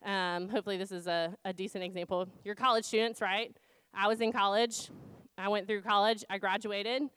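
A woman's voice: mid-range voice, steady tone, fairly quick, fairly bright tone, smooth. A woman in her thirties, a campus ministry team leader, giving an informal Bible talk to students, conversational with many fillers and rhetorical questions.

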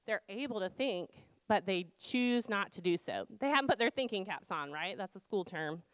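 Woman in her thirties, campus ministry leader, chatty Bible talk, lots of ums, smooth clear voice, dry close sound. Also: medium pitch, animated, normal speed, a bit bright, dry recording. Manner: conversational, many um fillers, rhetorical questions. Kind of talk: informal Bible talk to students.

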